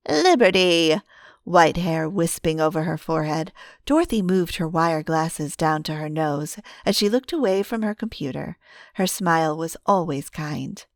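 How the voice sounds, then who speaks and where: A woman narrating an audiobook in a calm, steady storytelling manner on a close mic. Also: sits low, moderate pace, no room sound.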